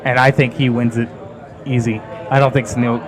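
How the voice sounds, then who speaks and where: A man hosting a casual sports chat, steering the talk with quick dismissive jabs. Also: medium pitch, level tone. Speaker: podcast host.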